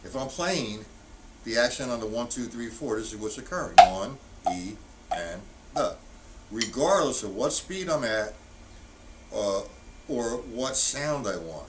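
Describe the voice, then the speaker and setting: A man's voice: medium pitch, animated, unhurried. Guy teaching drums on a stream, counts it out and hits the accents hard, mic kinda far off. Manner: counts out loud, stressing accented beats. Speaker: drum teacher. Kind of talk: live-streamed drum lesson. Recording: distant mic, loud background noise.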